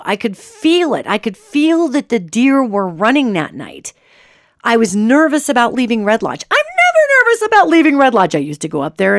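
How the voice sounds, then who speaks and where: A middle-aged woman hosting a radio show, telling a story in a chatty, animated way with restarts. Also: a little high, no room sound, clean studio sound. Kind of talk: casual storytelling monologue.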